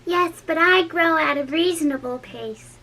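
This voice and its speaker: A woman's voice: very high-pitched, measured pace, sharp tone, pitched above the performer's own voice, exaggerated voice. A woman voicing a sulky, sleepy male dormouse in a read-aloud storybook, speaking primly. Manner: sulky, prim.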